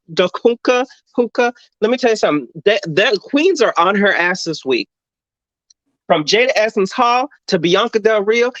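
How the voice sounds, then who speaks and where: A podcast co-host with a high-pitched, somewhat bright voice gives a blunt, sassy review in casual chat, swearing heavily. The recording is dull, lo-fi, and dry with no echo.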